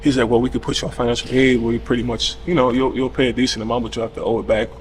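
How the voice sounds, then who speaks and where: A man's voice: medium pitch, racing, a little hiss or hum. A man in his thirties, a podcast guest telling a casual story and acting out the people in it, cursing freely. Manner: animated retelling with quoted voices, casual cursing.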